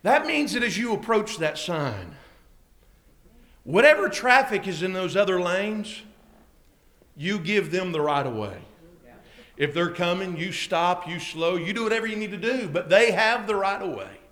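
High bright-voiced preacher man. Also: a little slow. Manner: storytelling, rising to shouting excitement. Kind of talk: sermon illustration story.

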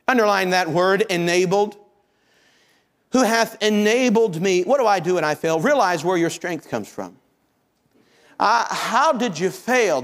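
High-voiced man preaching. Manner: preaching with rising intensity and direct appeals to the congregation. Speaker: pastor. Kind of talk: sermon.

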